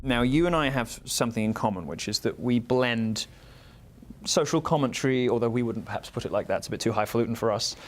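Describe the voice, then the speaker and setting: Male interviewer, mid-pitched voice, measured and wry. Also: slight background noise. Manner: articulate, measured, lightly wry. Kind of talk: studio interview conversation. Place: broadcast studio.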